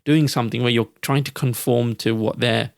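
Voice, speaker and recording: A man's voice: mid-range voice, steady tone, moderate pace, vocal fry, dry recording, studio quality. A man co-hosting a podcast, talking in a reflective, hesitant way with frequent restarts. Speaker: podcast co-host. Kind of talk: casual podcast discussion.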